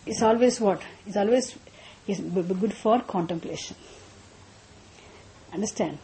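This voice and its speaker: A woman teaching a class on Sanskrit mantras. She explains patiently, often repeats and restarts her phrases, and chants some lines slowly. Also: mid-range voice, warm tone.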